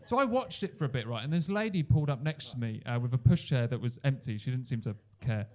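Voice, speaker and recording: A young man doing a stand-up comedy set on a club stage into a handheld mic, animated and jumping into loud high-pitched voices for the people in his stories. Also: fast talker.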